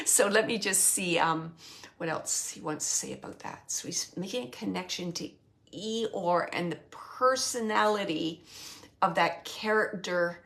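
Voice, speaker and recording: A woman working as a psychic medium, talking slowly and with emotion as she passes on messages during a live reading. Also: fairly low pitch, gravelly, fairly bright tone. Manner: slow, emotional, relaying spirit messages. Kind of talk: livestreamed spirit reading.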